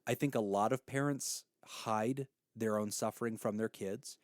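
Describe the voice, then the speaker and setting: A man's voice: on the low side, fairly even intonation, unhurried, dry recording, studio quality. A man in his thirties hosting an advice podcast, telling stories and giving counsel in an earnest, heartfelt way.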